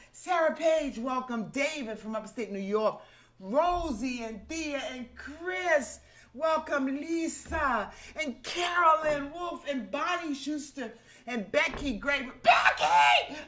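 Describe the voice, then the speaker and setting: A woman's voice: high voice, pushed and bright. A woman hosting a livestream singing program, exuberantly whooping and greeting viewers one by one by name over a video call. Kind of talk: lively livestream welcome.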